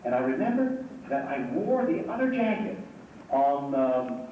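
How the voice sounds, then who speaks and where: A man's voice: mid-range voice, very animated, unhurried. A man who is a convention guest, telling a story on stage to an audience. He rambles, jokes and restarts often. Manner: rambling, joking, many restarts. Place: large convention hall. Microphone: home video camera in the audience. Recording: muffled echoey hall from far off. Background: noisy audience.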